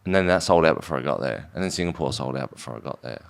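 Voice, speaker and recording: A man's voice: rumbling low, animated, racing, creaky. A man from Australia telling his business story in a casual podcast chat, rambling, with slang and swearing. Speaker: guest, drinks brand founder.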